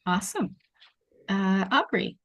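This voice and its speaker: A woman's voice: medium pitch, animated, slow, gravelly, no echo, soft background music. Woman hosting a live table read. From Washington state, USA. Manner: chatty, informal, apologetic. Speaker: host of an online table read. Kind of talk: casual hosting on a video call. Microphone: video call.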